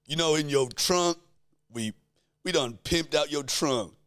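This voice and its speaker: A man putting on a brash car-makeover host, boasting loudly in heavy slang. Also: a little high, unhurried, pitched above the performer's own voice. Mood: hyped. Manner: loud, slangy, boasting hype.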